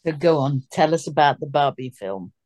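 A woman hosting a podcast interview, her voice hoarse and gruff, talking in a chatty way with asides. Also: low voice, animated, normal speed, darkish tone. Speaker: podcast host.

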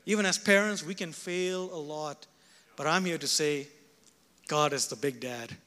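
A male pastor preaching at a revival gathering, fervent and shifting between shouts and quiet, prayerful tones. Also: fairly high pitch, measured pace. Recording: echoey hall.

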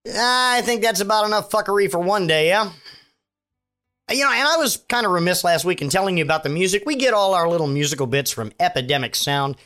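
A man's voice: sits high, expressive, fairly quick, bright, forceful tone. A man hosting a podcast, talking in a loose, offhand way with plenty of swearing. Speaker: podcast host. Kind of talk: casual chat.

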